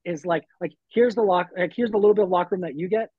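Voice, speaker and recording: A man's voice: high voice, fast, husky, no room sound, phone-quality sound. A man, a wrestler guest on a podcast, telling stories in a laid-back way with lots of fillers. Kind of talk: casual podcast chat.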